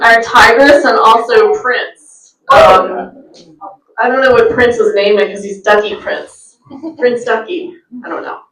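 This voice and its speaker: A woman hosts a live comedy show, introducing acts in a loose, chatty way. Her voice sits high, and she talks slowly. Her voice echoes through the room from a distant mic. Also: fairly bright tone. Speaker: emcee. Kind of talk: live event hosting. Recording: roomy venue sound from a distant mic.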